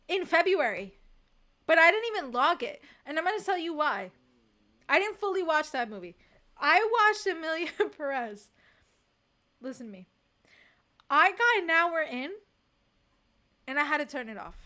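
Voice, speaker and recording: A woman streamer chatting casually on a livestream and reading from the chat, emphatic and expressive, laughing often. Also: high-pitched, moderate pace, pauses often.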